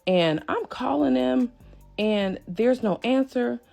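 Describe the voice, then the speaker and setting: A woman telling a personal family story to her viewers in a casual, animated way, often speaking to them directly as y'all. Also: fairly high pitch, slow, gravelly, faint music behind.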